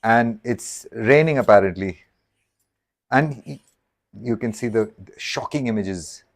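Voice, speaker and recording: A man talks casually to his viewers on a live stream as he chops and cooks, jumping from thought to thought. His voice sits at an ordinary middle pitch, and he trips over restarts and jokes along the way. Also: measured pace, creaky. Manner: rambling, self-interrupting, jokey. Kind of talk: casual live chat while cooking.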